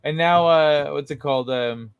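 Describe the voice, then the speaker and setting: Brief: male co-host, dry close sound, relaxed chat, fillers and trailing off. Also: fairly high pitch, moderate pace, clear, resonant tone, no room sound, highs cut off. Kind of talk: casual chat.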